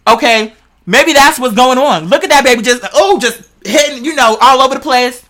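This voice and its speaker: A podcast host in casual chat, rambling through wild theories in a slangy, profane, animated way and talking straight to listeners. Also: high voice, moderate pace.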